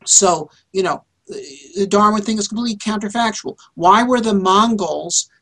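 A man's voice: high voice, moderate pace, a bit bright. A man speaks as a guest author in an interview. His delivery is emphatic and insistent. He often repeats words and restarts his sentences mid-thought. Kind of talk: interview answers.

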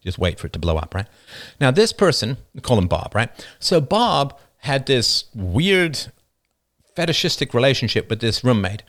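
Talking at normal speed with a fairly bright tone and big swings in pitch, a man hosts a livestream. His unscripted monologue wanders through personal stories told with passion, and he laughs at them and mimics quoted people in a higher register.

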